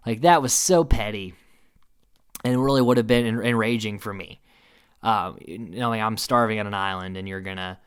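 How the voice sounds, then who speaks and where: A man giving a casual, opinionated recap commentary, animated and swearing, with many fillers. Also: medium pitch, moderate pace, smooth.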